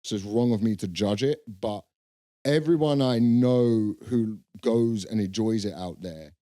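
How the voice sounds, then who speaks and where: A man's voice: fairly low pitch, measured pace, mellow, no echo, clean studio sound. A young man, co-hosting a podcast in loose, joking banter and swearing freely. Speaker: podcast co-host. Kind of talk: casual banter.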